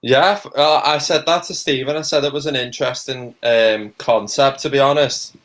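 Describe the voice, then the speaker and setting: A man's voice: mid-range voice, steady tone, normal speed, a bit bright. A young man with a Liverpool accent chatting on a video call, laid-back and cheeky, swearing casually. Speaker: film discussion co-host. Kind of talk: casual chat.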